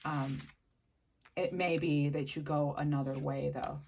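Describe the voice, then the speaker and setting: A woman's voice: low voice, steady tone, unhurried, vocal fry, a little mellow, slight background noise. A woman giving a casual channeled tarot reading, musing aloud and speaking to the viewer directly. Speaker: tarot reader.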